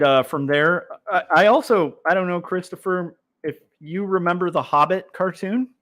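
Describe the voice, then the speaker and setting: Drawing comics on a livestream, a man chats casually and reads out messages from the chat. His voice is fairly high and a bit bright, and he rambles with lots of fillers and restarts.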